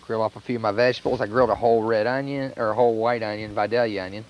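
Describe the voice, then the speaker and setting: A man with a North Carolina accent, a chef talking through a cooking demonstration in a relaxed, plainspoken way. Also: on the low side, racing. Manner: relaxed, plainspoken, step-by-step instruction. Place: outdoor charcoal grill by a house. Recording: dull lo-fi VHS recording.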